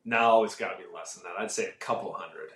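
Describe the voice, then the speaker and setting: A man answering interview questions in a relaxed way, chuckling now and then. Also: deep voice, fast talker, reverberant, rough recording. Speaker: guest.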